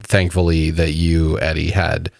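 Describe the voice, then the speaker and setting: A man co-hosting a podcast in casual chat, self-deprecating and halting with frequent restarts. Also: extremely low pitch, flat delivery, creaky, dry recording, clean studio sound. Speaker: podcast co-host.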